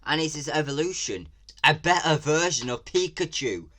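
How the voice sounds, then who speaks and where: A man from England with an English accent, giving casual reaction commentary as a video creator, excitable and ranting, swearing freely. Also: on the high side, moderate pace.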